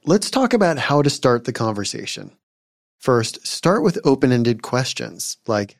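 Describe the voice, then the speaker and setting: A man speaks in a calm, measured, gently instructive tone. He is a psychologist hosting a podcast and reading scripted parenting advice. His voice sits at a middle pitch and sounds dry and close, like a studio recording. Soft music plays faintly behind him. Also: gravelly, no echo.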